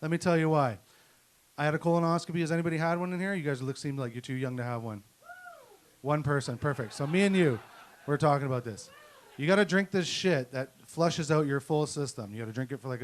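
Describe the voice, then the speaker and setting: A middle-aged man from Canada doing a crude, profane stand-up set, ranting through his stories at a comedy night. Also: mid-range voice. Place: comedy night at a venue with an audience.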